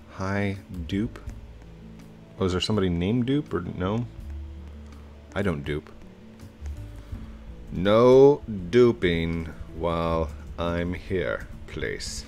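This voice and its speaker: Low-voiced, unhurried male gamer. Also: darkish tone. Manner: chatty, talks to himself and his viewers, playful sound words. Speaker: YouTube gamer. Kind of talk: casual let's-play commentary.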